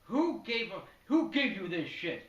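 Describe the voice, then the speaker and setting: Man putting on a foul-mouthed paranoid sitcom dad, gruff profane outbursts, bright edge, echoey room. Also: fairly high pitch, animated, a little slow, lo-fi sound. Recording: echoey room, distant mic.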